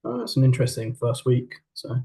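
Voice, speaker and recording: A man co-hosting a casual podcast chat, hesitant and trailing off, with quiet laughs. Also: medium pitch, little pitch movement, a little fast, breathy edge, poor audio. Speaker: co-host.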